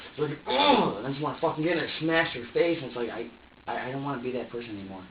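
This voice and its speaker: A man's voice: medium pitch, racing, far from the mic. An agitated young man stammers and swears through an emotional confession in a police interview room. He sounds set back from the microphone in a roomy space, and the recording is dull with a faint hiss underneath. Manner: agitated, profane, stammering and repeating himself. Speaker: suspect under police questioning.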